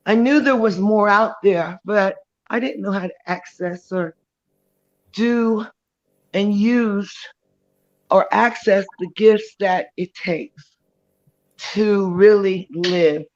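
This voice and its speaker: Woman, slow halting testimony, dull lo-fi call sound. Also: mid-range voice. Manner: slow, halting, with many pauses and restarts. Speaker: guest on live chat. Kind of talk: emotional personal testimony.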